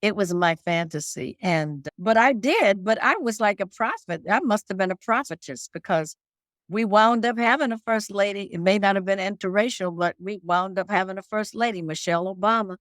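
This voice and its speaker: An older woman from Detroit, a singer being interviewed, telling stories in an animated way and repeating phrases for emphasis. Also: medium pitch, normal speed, dry recording, studio quality. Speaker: guest singer. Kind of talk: casual interview chat.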